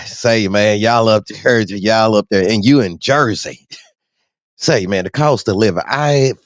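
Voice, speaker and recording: A man's voice: sits low, no echo, dull audio. Profane, laughing male podcast host. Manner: loose, profane, laughs often, shouts greetings to listeners. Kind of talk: casual podcast monologue.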